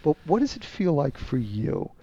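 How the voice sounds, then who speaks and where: A man's voice: a little high, sing-song, moderate pace, warm tone, husky. A man explaining sales methods as a podcast guest, teaching in an emphatic way and acting out sample dialogue. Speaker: guest, research firm executive. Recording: dull lo-fi dry sound.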